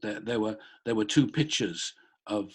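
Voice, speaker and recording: A man's voice: on the low side, measured pace, a bit bright, husky. A middle-aged man, a former police officer, telling a story on a video call with many hesitant restarts. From Britain. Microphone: laptop on a video call.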